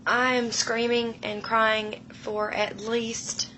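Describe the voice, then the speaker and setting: A woman in her thirties retelling a frightening personal experience in a slow, emotional, hushed way, often dropping her voice low. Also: little pitch movement, slight background noise, rough recording. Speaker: storyteller. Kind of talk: personal paranormal story.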